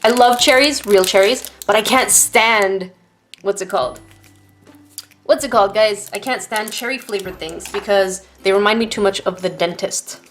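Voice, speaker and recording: A woman's voice: medium pitch, normal speed, fairly bright tone. A woman vlogger chatting casually to viewers while unboxing art supplies at her desk, gasping and exclaiming over each item.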